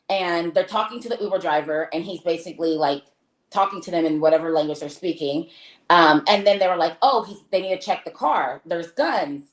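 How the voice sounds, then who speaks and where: An American woman telling a travel story in casual talk, acting out the voices of the people in it, with many fillers. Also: on the low side. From United States. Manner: animated, acts out quoted dialogue, many fillers. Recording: roomy echo.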